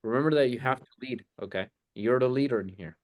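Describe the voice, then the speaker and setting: A man's voice: medium pitch, fast, a little mellow, dry recording. A man coaching a sales group on a video call, blunt and emphatic.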